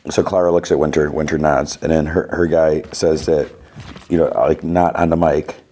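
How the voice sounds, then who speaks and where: A podcast host with a very deep, low voice rambles through a TV episode recap, retelling scenes haltingly. His delivery is casual and loose. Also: flat delivery, warm tone.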